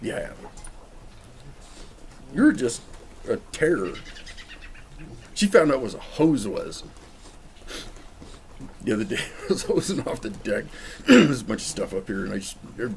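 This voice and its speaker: A man with a fairly low voice rambles through a cigar review, joking and chatting straight to the camera. He's outdoors, with a faint hum of background noise behind him. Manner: chatty, jokey, talks straight to the viewer. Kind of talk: casual rambling vlog review. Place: outdoors in the cold.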